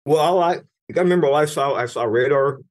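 A man's voice: fairly high pitch, brisk. Earnest middle-aged man recounting his story. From United States. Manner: earnest, grows emphatic, many restarts. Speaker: guest, retired Navy senior chief. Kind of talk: candid personal storytelling.

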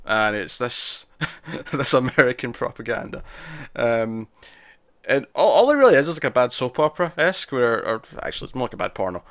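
A man's voice: mid-range voice, fairly bright tone, dry recording. A man co-hosting a casual review podcast, recorded dry and close with no room sound. He rambles through the plot, restarting sentences and voicing characters' lines as he goes. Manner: rambling recap with many restarts and quoted asides. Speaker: podcast co-host.

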